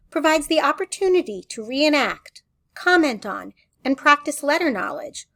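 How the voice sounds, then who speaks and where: A woman presenter giving a clear, deliberate teacherly voice-over narration about early reading. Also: fairly high pitch. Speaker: assistive technology presenter.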